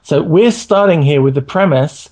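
A man with a relaxed, dark voice talks through scripture in an easygoing podcast chat. He reads verses off his screen and restarts his sentences as he thinks. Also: on the high side, normal speed. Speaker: co-host of a Bible study podcast. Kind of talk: casual discussion of scripture.

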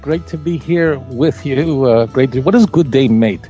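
A man with a Brooklyn accent chats as a guest, full of dry wisecracks. His voice is dark and mellow, coming through a dull, lo-fi remote line, with faint music behind. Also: mid-range voice, moderate pace. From New York. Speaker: guest rabbi. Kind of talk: casual chat.

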